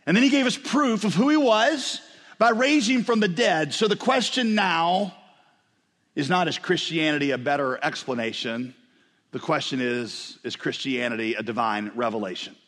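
A man's voice: fairly high pitch, moderate pace, fairly bright tone. A male pastor preaching an emphatic sermon, built on rhetorical questions and repetition. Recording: reverberant hall recording.

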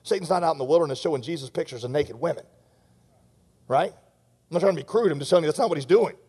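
A man's voice: on the high side, quick pace, mellow, husky, long reverb tail. A man preaching a sermon, speaking earnestly and straight to his listeners with frequent rhetorical questions. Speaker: pastor.

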